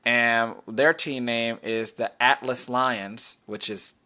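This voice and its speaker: A man's voice: medium pitch, steady tone, takes it slowly, sharp tone. A man co-hosting a podcast, talking through soccer picks in a rambling way, with many fillers and restarts. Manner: rambling, self-correcting, frequent fillers. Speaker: podcast co-host. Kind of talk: casual chat about soccer picks.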